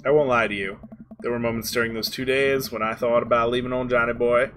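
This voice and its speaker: A man voicing a gruff, brooding ex-army dad in a video game, with a put-on Southern drawl and low, grim storytelling. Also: level tone, fast talker, a bit bright, soft background music, close to an everyday voice.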